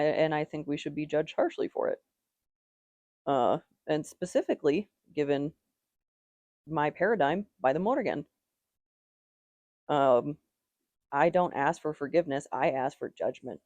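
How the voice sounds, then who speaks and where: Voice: medium pitch, a little mellow, no echo. A tarot reader giving a casual, rambling reading, with strong opinions and lots of "like" fillers.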